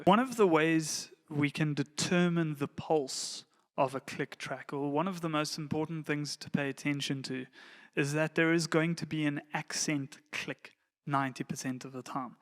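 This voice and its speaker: A man giving a relaxed, plain-spoken lesson to church volunteer musicians, now and then counting beats aloud. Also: on the high side. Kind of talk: casual instructional talk.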